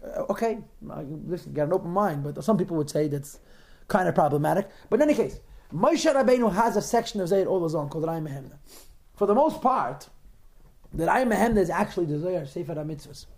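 A man's voice: high voice, lively intonation, fast talker, darkish tone. A man teaching a class on a religious text, posing rhetorical questions to his students and answering their remarks. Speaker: Torah teacher.

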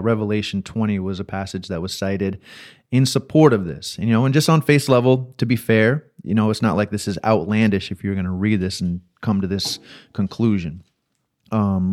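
Low-voiced man explaining scripture. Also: a little mellow. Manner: explains patiently, reads scripture aloud, many fillers. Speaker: podcast co-host. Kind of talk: casual theological discussion.

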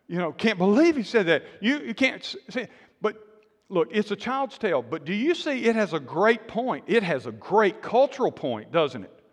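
A male pastor preaches in a church sanctuary, and his voice trails off into a long hall reverb. He sits high for a man. He tells stories with energy, slipping into acted-out voices for the quotes. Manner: animated storytelling with acted-out quotes. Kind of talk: sermon.

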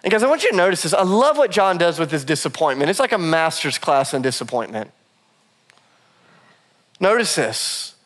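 A man's voice: fairly high pitch, sing-song, normal speed, pauses often, a bit bright. A man in his thirties, a pastor preaching a sermon, telling a self-deprecating personal story and laughing often. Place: church auditorium.

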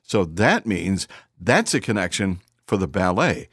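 A man's voice: deep voice, big pitch swings, unhurried, a bit bright, husky, no room sound. A man hosting a podcast interview, chatting casually with many hesitant fillers, recorded in a studio. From northern US, Great Lakes area. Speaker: podcast host. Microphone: studio microphone.

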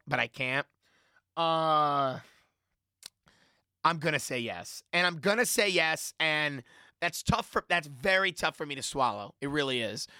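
Emphatic sports panelist, bright voice. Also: male voice, fairly high pitch, no room sound, clean studio sound. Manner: emphatic, repetitive, argumentative. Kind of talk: heated sports debate.

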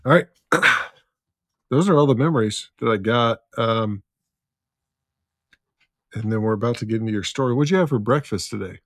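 A man hosting a casual interview, unhurried and reading out shared memories with frequent ums. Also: mid-range voice, no room sound, clean studio sound. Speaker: podcast host.

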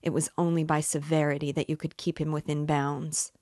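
Brief: a haughty, bitter widow hostess, low-voiced and indignant, with a dry, close sound, read by a woman narrating a novel aloud. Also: little pitch movement, fairly quick, darkish tone, no room sound. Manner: haughty and indignant, raising her voice.

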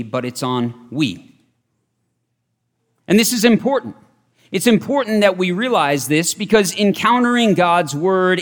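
Male preacher, fairly high voice, earnest and repetitive, long hall reverb. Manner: earnest, repeats key phrases for emphasis. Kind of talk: sermon.

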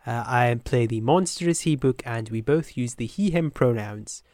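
A man's voice: medium pitch, moderate pace, a little mellow, dry recording, studio quality. A man from Britain playing a tabletop game, chatting casually in a sweary, self-mocking way. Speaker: player. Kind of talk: casual chat.

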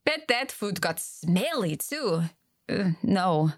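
A woman's voice: mid-range voice, big pitch swings, slow pace, dry recording. An actress playing a dry, skeptical woman who speaks broken English, dropping articles. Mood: sarcastic. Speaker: comedy sketch character. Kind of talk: comedic sketch acting.

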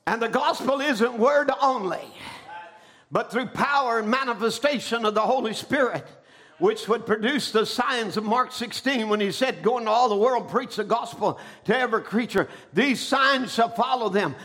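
A man preaching with an unusually high, bright and forceful voice. He swings between quieter explanation and shouted, rising emphasis, calling for amens along the way. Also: normal speed. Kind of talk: sermon.

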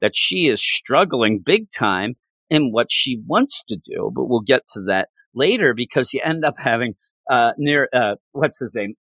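A man hosting a casual podcast chat about a book, animated and acting out character lines. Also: medium pitch, a little slow, dry recording. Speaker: podcast host discussing a book.

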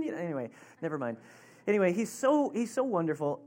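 A pastor preaching a sermon in a relaxed, conversational way, rambling into stories and laughing along. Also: mid-range voice, fairly quick.

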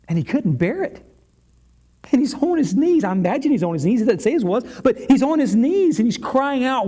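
Man, pastor, sermon, high voice, warm mellow tone, dramatic pauses, repetition. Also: sing-song.

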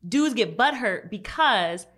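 Lively, bright-voiced woman laughing through blunt chat. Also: a little high, slow. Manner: blunt, laughing, animated storytelling. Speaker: podcast co-host. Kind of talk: casual chat.

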